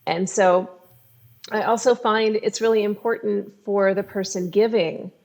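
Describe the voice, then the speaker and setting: A woman therapist speaks in a calm, explanatory tone at a middle pitch. She walks listeners through her advice step by step, in the manner of a podcast expert guest. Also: unhurried. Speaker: clinical sex therapist.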